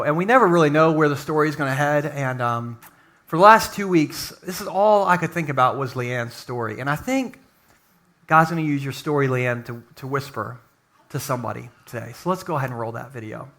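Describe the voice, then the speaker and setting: A man preaching a sermon as pastor in a church, dropping from loud calls to hushed near-whispers. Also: fairly high pitch, brisk. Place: church sanctuary.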